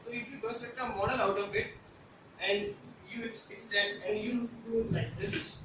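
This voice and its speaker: High-voiced man presenting in an echoey room. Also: level tone, normal speed. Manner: hesitant, frequent "uh" fillers, explanatory. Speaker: student presenter. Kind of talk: classroom presentation. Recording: echoey room from a distance with faint noise.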